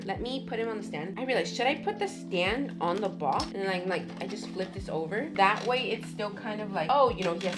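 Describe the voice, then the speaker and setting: A woman vlogger chatting casually and gushing excitedly while unboxing, with background music under her voice. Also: medium pitch.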